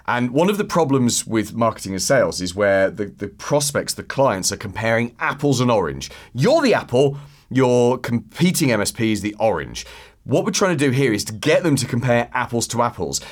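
Lively male podcast host. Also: medium pitch. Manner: lively, acts out phone calls in quick put-on voices. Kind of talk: solo podcast talk.

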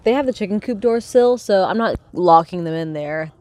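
A young woman vlogging casually by her chicken coop, rambling and swearing as she hushes her hens. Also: medium pitch, expressive, moderate pace, no room sound. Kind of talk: casual chat while reading aloud. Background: faint chicken clucking.

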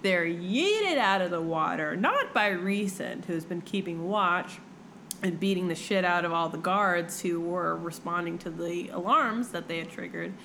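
A young woman co-hosting a casual book-discussion chat, animated and profane, acting out characters in quick voices. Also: on the low side, slight background noise, poor audio. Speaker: podcast co-host.

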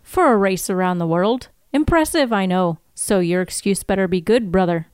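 Teasing Scottish male runner, woman putting it on, playful, smooth, dry. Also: medium pitch, moderate pace, no room sound, lightly acted. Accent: put-on Scottish. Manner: playful, teasing, calls people brother. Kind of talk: read-through of a TV scene.

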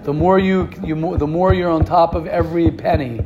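A man with a high, light voice leads an informal Torah class. He talks in a loose, conversational way, stacks rhetorical questions one after another and often restarts his sentences. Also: steady tone, brisk, dull audio, crowd noise.

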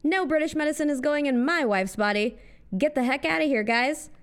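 A woman doing a quick comic voice of a self-serving old male leader, flippant and dismissive. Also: high voice.

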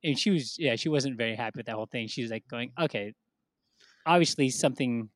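A man telling a story in casual chat, animated, acting out what others said in raised voices and swearing freely. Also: mid-range voice, racing, dry recording, clean studio sound.

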